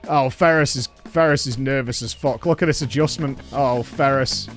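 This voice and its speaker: A man's voice: mid-range voice, moderate pace, soft background music. A man streaming an online game, chatting casually with teammates and viewers, joking and swearing as he cheers them on.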